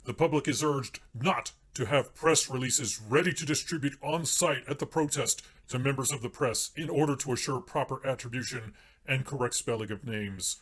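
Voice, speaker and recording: A man's voice: medium pitch, normal speed, fairly bright tone, breathy edge. A man voicing a pompous male TV news anchor with a stiff, formal newsreader delivery.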